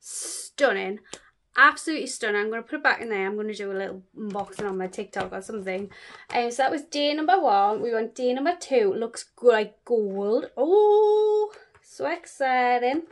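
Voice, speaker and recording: Gushing chatty woman, slightly high voice. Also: lively intonation, fairly quick. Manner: chatty and gushing, with many fillers. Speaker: beauty vlogger. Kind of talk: casual product unboxing chat.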